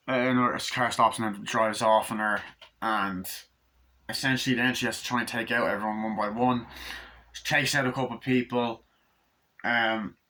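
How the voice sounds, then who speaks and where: A man's voice: medium pitch, bright, forceful tone, poor audio. A man recapping a movie in a rambling, profane way, full of fillers and restarts. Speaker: movie reviewer.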